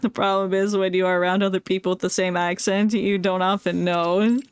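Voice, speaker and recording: A talkative streamer with a Northeastern American accent, mid-pitched and easygoing, chatting casually through a let's-play. They laugh often and read the game's lines aloud between remarks, with faint game music underneath. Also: flat delivery, brisk, clear, resonant tone, dry recording. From United States, South and Northeast.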